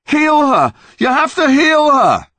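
A man voicing a grieving young boy who shouts and pleads in desperation. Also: high voice, lively intonation, measured pace, dry recording, pitched above the performer's own voice. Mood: desperate.

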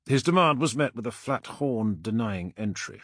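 A man narrating a science fiction audiobook in a dramatic, measured style. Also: mid-range voice, animated, slightly rough, no echo, clean studio sound. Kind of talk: scripted narration.

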